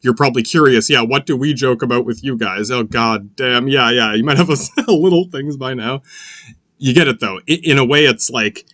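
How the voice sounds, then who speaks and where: A man's voice: medium pitch, normal speed, a bit bright, no echo. Rambling, profane male podcaster. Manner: rambling, profane, full of "yeah, yeah" fillers and restarts; sardonic, mocking. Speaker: podcast host. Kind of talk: rambling political commentary monologue.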